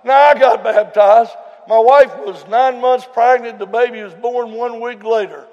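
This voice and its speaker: A man, preaching a folksy storytelling sermon, swinging between shouts and low murmurs. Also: fairly even intonation, unhurried, muffled recording. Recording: long hall reverb.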